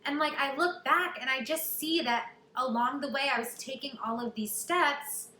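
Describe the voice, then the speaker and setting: A woman's voice: high voice, moderate pace. Chatty young woman telling a story. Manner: chatty, animated, many likes. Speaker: vlogger. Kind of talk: storytelling to camera. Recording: echoey room, faint noise.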